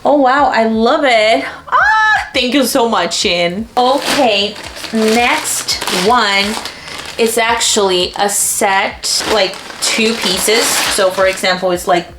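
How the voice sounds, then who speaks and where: A young woman, a native Portuguese speaker, gushing excitedly through an unboxing vlog with lots of exclamations. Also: a little high, takes it slowly. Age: young adult. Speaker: vlogger. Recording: echoey room, faint noise.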